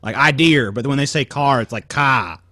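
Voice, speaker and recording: A man's voice: mid-range voice, quick pace, no room sound, clean studio sound. Ranting, profane podcast host man. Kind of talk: casual podcast commentary.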